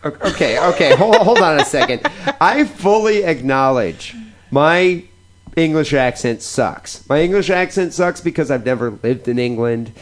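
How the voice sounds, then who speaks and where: A man's voice: on the high side, expressive, moderate pace, a little hiss or hum. A man hosting a podcast, chatting casually and joking with frequent laughter. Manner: jokey, laughs often. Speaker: podcast host. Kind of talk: casual chat.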